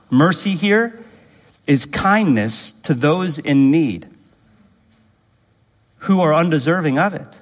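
A man preaching a sermon as pastor, emphatic and repetitive, asking the congregation rhetorical questions. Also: fairly high pitch. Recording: long reverb in a hall.

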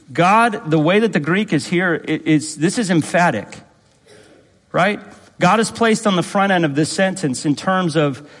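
A man preaching a sermon as pastor, emphatic and repetitive, asking the congregation rhetorical questions. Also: a little high. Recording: long reverb in a hall.

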